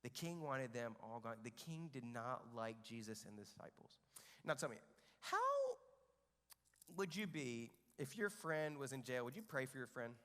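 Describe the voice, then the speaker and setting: A man's voice: mid-range voice, normal speed, in a large hall. A man leading a children's church lesson, acting out a Bible story and asking the kids questions. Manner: animated, asks the children questions. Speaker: children's ministry leader. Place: church kids' room stage.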